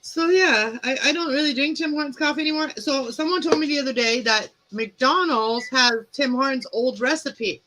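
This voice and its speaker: A woman's voice: high voice, moderate pace, few pauses, sharp tone, rough recording. Chatty woman hosting a live stream. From Canada. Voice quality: chatty, laughs often, loose run-on talk. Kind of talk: casual chat.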